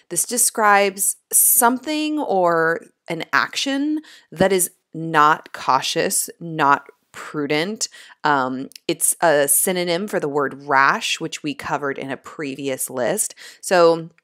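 A middle-aged woman teaching vocabulary words, explaining each one clearly with everyday examples. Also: low-pitched, animated, takes it slowly, a bit bright. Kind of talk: vocabulary lesson.

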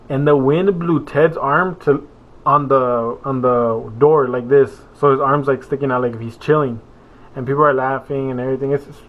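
Rambling young man on a tinny phone-like line. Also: medium pitch. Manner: meandering, full of fillers and self-corrections. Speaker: vlogger. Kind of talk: rambling casual vlog. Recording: phone-like narrow sound.

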